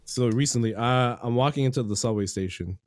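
A man spins casual stories on a podcast, slipping into quick put-on voices for the people he quotes and laughing along as he goes. His voice sits in a middle pitch. The sound is dry and close, with no room around it. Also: darkish tone, no echo. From Canada. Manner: loose storytelling, laughs easily, acts out quoted voices.

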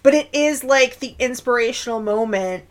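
Animated laughing woman podcast co-host. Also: on the high side, normal speed. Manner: laughs often, animated retelling. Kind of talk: casual chat.

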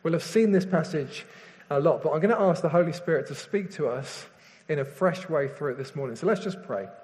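A man preaching a sermon, leading a prayer and reading scripture slowly and earnestly. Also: fairly high pitch, animated. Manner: earnest, slows down and softens in prayer. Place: church hall with screen behind speaker. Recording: long hall reverb.

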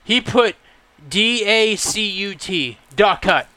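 A man on a casual podcast, complaining about a coworker with plenty of cursing. His voice sits high and comes out bright and smooth. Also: moderate pace, no echo. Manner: profane, exasperated ranting. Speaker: podcast co-host. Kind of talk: casual chat.

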